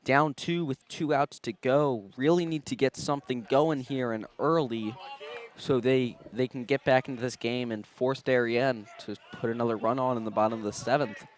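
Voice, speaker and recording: A young man giving color commentary on a high school baseball game outdoors, steady and analytical. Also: moderate pace.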